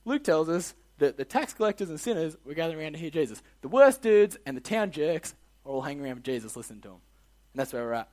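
A young Australian man leading a kids' Bible lesson with a high, bouncy voice. He talks in energetic slang and keeps firing questions at the group. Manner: energetic, slangy, quizzes the audience. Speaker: youth leader.

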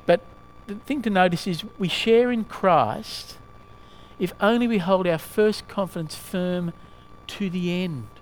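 A male preacher giving a sermon in a halting way, often asking the listeners questions. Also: high-pitched, a little hiss or hum.

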